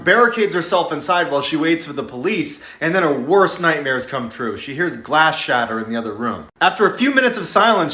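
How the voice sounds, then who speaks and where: A man narrates a scary story with dramatic suspense. His voice sits a little high for a man and rings in an echoey room. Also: fairly bright tone. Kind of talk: scripted narration.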